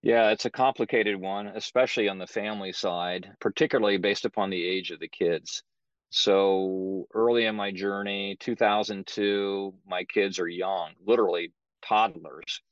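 A middle-aged man speaking as a podcast guest, telling his story in a measured, matter-of-fact way. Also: deep voice, fairly even intonation, dry recording, highs cut off. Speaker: guest, author. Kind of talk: podcast interview.

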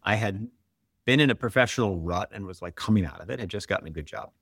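A man's voice: fairly low pitch, expressive, fast, vocal fry, a bit bright, breathy edge, no echo, clean studio sound. A man in his forties, a guest and author, telling stories candidly in conversation, with lots of "like" and "right?". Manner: candid, uses many "like" and "right?" fillers. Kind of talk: storytelling in conversation.

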